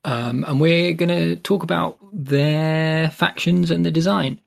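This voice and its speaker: A man's voice: on the high side, steady tone, unhurried, creaky. A man hosting a podcast, introducing an episode in a rambling, self-deprecating way with many fillers. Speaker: podcast host.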